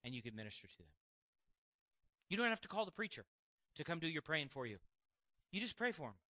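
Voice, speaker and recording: A man preaching a sermon and telling a personal testimony, animated, with quick asides and frequent laughs. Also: a little high. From Montana, United States.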